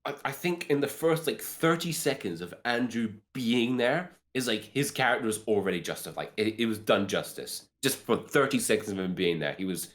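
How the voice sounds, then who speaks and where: A man co-hosting a casual podcast, excitedly retelling a movie scene with plenty of swearing. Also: fairly low pitch, a little fast, few pauses. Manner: animated, excitable storyteller who swears freely. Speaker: podcast co-host. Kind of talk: casual film discussion.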